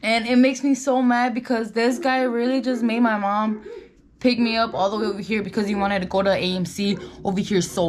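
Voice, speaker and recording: Chatty young woman with roots, high voice. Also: level tone, fairly quick, faint music behind. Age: young adult. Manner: chatty, filler-heavy, "like" and "you guys". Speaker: vlogger. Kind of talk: storytime while doing makeup. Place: indoors at home.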